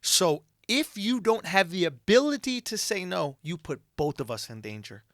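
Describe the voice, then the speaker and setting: A man co-hosting a comedy podcast, talking in loud, excitable casual banter with plenty of swearing. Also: sits high, normal speed, no echo, studio quality. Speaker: podcast co-host.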